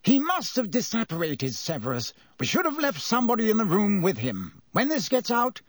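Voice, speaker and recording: A man's voice: high voice, huge pitch swings, moderate pace, dry recording, clean studio sound, voice pushed up, heavily acted. A man voicing a flustered, pompous male government minister who barks and blusters. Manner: blustering and barking.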